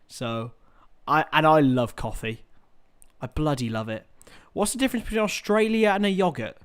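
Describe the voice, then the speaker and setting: A young man hosting a live football watchalong, chatting with viewers, swearing freely and shouting at big chances. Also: fairly high pitch, lively intonation, normal speed, smooth. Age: young adult. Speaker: watchalong host.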